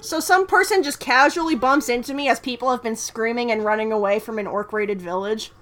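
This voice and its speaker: A woman's voice: a little high, brisk, a bit bright, slight background noise. A woman playing a tabletop game, casual and inquisitive. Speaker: player.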